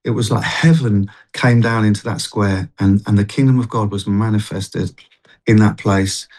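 A man, a street evangelist, telling a faith testimony in an animated, restarting way during an interview. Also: on the low side, normal speed. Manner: animated storytelling, many restarts. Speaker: street evangelist and worship singer. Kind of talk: testimony in a Christian talk show interview.

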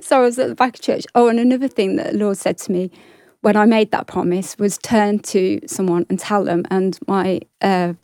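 A woman giving an earnest, halting personal testimony, often restarting her sentences. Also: mid-range voice, steady tone, a little mellow, no room sound, clean studio sound. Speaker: guest sharing testimony.

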